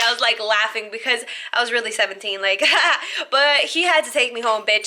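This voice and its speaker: A young woman telling a storytime vlog to camera, animated and blunt, swearing freely and acting out the lines of others. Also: on the high side, moderate pace, few pauses. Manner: animated, blunt and profane, acts out quoted dialogue. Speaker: vlogger.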